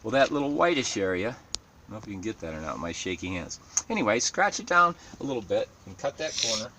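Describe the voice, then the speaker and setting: A man's voice: on the low side, big pitch swings, fast talker. A man giving a casual, rambling how-to demonstration with plants outdoors, cracking jokes at his own expense. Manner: joking, rambling, self-mocking asides. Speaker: home gardener demonstrating plant cloning. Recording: distant mic with noisy outdoor background.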